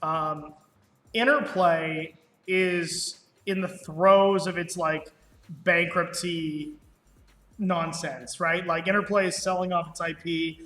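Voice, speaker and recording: A man's voice: on the high side, slow pace. A man who is an indie game developer, chatting casually on a stream and telling stories with laughs and the odd swear. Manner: excited storyteller, laughs and swears. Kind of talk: casual chat while playing. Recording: echoey room with game music.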